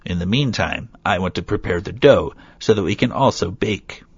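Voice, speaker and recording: A wicked old storybook witch barks harsh orders, read out by a man. The voice is deep and husky. The recording sounds dull and lo-fi. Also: animated, moderate pace, no echo, exaggerated voice. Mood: scolding. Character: wicked old female witch, cruel and bossy.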